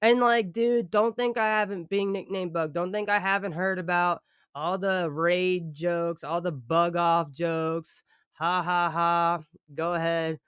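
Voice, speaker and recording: Smooth-voiced chatty livestreamer. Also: medium pitch, fairly even intonation, measured pace, fairly bright tone, no room sound, studio quality. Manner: rambling, chatty, keeps thanking viewers. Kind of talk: casual livestream chat with viewers.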